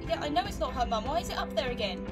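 A young woman commentating her own playthrough of a story game, chatty and excitable, talking to herself and the screen. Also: high-pitched, very fast, over loud music, low-quality recording. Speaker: let's play host. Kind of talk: gaming commentary.

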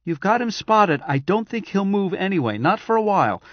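A man's voice: sing-song, moderate pace, dry recording, lo-fi sound. A man reading a novel aloud, voicing an impatient female military major with curt, insistent lines. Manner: curt, insistent, raised pitch for a woman.

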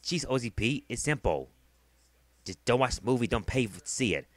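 A man's voice: medium pitch, animated, moderate pace, no echo. A man delivering a heated, profane vlog rant, often repeating himself. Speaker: vlogger. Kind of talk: angry ranting vlog.

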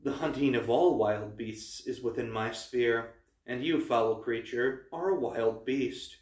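A man voicing a stern, calm young goddess, with measured, commanding speech. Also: mid-range voice, close to an everyday voice. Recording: roomy, distant mic.

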